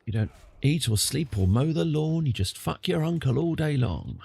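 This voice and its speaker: Man, lively pitch, jokey live game commentary. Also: moderate pace, vocal fry, slightly rough. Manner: chatty, jokey asides. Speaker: streamer.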